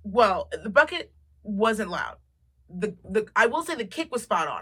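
Bright-voiced woman telling stories. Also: mid-range voice, a little slow, slightly rough. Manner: animated storyteller, swears freely, acts out quotes. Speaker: podcast co-host. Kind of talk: casual chat.

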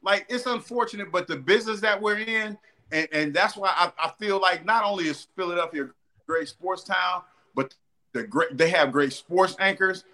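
A man's voice: high-pitched, moderate pace, pushed and bright. A man who is a former football player turned sports analyst, talking emphatically and repeating phrases to drive points home. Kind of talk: casual sports talk.

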